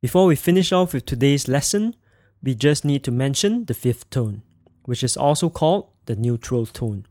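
A man teaching a podcast language lesson, speaking slowly and clearly as he demonstrates tones. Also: medium pitch, lively intonation, a little mellow, no echo, clean studio sound.

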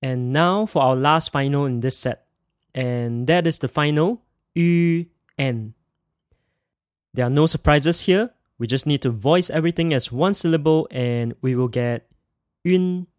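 A man teaching a pronunciation lesson, modelling each sound slowly and carefully and asking the listener to repeat it. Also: medium pitch, no room sound, clean studio sound. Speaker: language teacher.

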